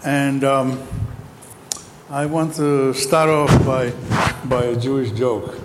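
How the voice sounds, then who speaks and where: Man, panel speaker, halting delivery, long hall reverb, faint background noise. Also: mid-range voice, fairly even intonation. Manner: hesitant, many ums, raising voice when the mic fails. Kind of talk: informal lecture with a joke.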